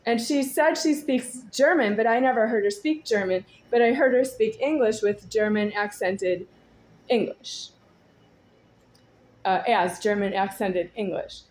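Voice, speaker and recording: A woman in her forties talking to a camera at home in a rambling, agitated monologue. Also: a little high. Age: 40s. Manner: rambling, agitated, at times shouting. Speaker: vlogger. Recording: echoey room.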